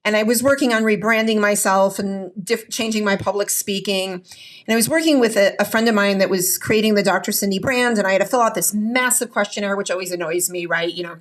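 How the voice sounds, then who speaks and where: A woman physician and author as a podcast guest, talking in an energetic, emphatic way and often adding "right?". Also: mid-range voice, brisk. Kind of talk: conversational interview storytelling.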